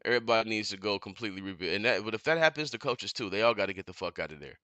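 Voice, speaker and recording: A man in a fired-up, profane fan rant on his live stream, repeating himself and getting louder as he goes. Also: lowish voice, animated, rapid-fire, smooth, no echo. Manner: heated, profane, repeats himself, builds to shouting. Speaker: sports commentator streamer. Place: home living room.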